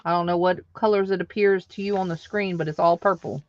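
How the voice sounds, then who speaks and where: A woman's voice: on the low side, steady tone, fairly quick, no echo, dull audio. A woman hosting a live online craft sale, chatting casually and answering viewer comments aloud. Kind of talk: casual live-selling chat.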